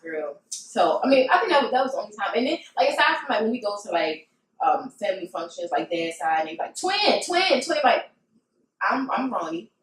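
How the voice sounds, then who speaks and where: Animated woman telling stories on a podcast. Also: mid-range voice, fast talker, slight background noise. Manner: animated, expressive storyteller. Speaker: podcast co-host. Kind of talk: casual chat, telling personal stories. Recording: roomy sound, mic at a distance.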